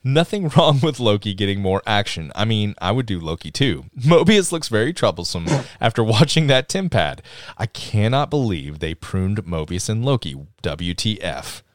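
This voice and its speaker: Animated man reading chat aloud. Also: lowish voice, normal speed, no room sound, clean studio sound. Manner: animated, laughs a lot, reads chat messages aloud. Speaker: podcast co-host reading listener comments. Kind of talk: casual live-stream chat.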